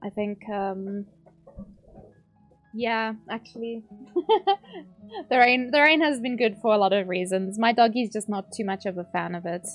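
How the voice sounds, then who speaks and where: A woman's voice: mid-range voice, a little slow, pauses often, faint music behind. A woman with a South African accent, chatting casually and rambling with frequent laughs while she streams a game from home. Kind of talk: casual chat while playing.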